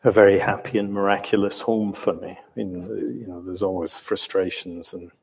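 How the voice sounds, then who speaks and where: An older man from England tells his story slowly and hesitantly, pausing on ums and starting over. His voice sits low and sounds a little husky. The sound carries a long reverb, as if recorded in a hall. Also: fairly even intonation. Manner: hesitant, full of ums and restarts, chuckling. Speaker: interviewee recounting his life. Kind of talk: reflective storytelling.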